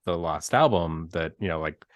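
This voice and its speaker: A man hosting an interview, asking questions in a halting, searching way. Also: low-pitched, expressive, no echo, clean studio sound. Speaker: interview host. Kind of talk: casual video-call interview.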